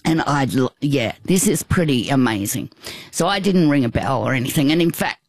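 A woman in her fifties, a guest telling a personal story in casual, halting, reflective chat. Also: extremely low pitch, expressive, husky, no room sound.

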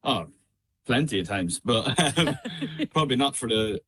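A young man with a midlands Irish accent, chatting casually as a radio guest over a remote call, easygoing with frequent ums and quick laughs. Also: mid-range voice, expressive, fairly bright tone, breathy edge. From Ireland. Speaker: guest singer.

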